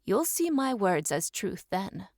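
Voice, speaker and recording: A woman narrator voicing a secretive, ruthless male spy who speaks low and measured. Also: big pitch swings, darkish tone, no room sound, clean studio sound. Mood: quietly assured.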